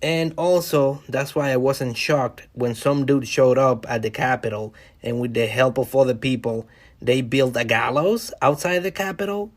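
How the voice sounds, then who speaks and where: A man's voice: mid-range voice, normal speed. Wry, chatty male podcast host. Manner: conversational, wry, addresses listeners directly. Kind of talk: casual solo podcast monologue.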